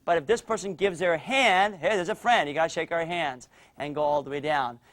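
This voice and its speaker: High-voiced energetic martial arts instructor man. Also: fairly quick. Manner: energetic, coaching and cheering children on. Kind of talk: instructional demo with kids.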